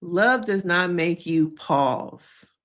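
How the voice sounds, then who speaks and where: A woman therapist giving casual reaction commentary to viewers, talking directly to them and acting out quotes in high voices. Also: extremely slow, a bit bright. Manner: conversational, addresses viewers directly. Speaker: therapist reacting to a reality show.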